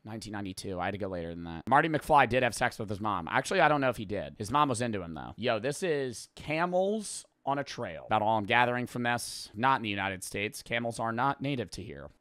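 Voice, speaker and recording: A young man streaming a game, chatting casually, thinking out loud and swearing often. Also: on the low side, quick pace, dry recording. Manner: excitable, profane, thinking out loud. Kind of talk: casual live-stream gameplay commentary.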